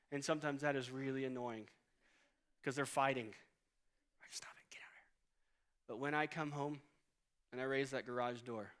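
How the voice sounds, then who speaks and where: Casual joking pastor in his thirties. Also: mid-range voice. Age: 30s. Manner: conversational storytelling with humor. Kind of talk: sermon. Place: church auditorium stage.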